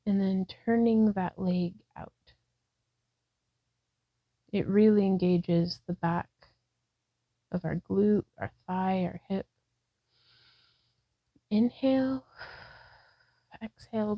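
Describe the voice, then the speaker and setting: A woman's voice: medium pitch, creaky, no echo, highs cut off. A woman leading a yoga practice, cueing breaths and poses, sometimes breathless and laughing at herself. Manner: laughs at herself, relaxed and chatty between cues. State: out of breath at times. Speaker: yoga instructor. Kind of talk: guided yoga practice, self-talk. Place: indoors at home by a wall.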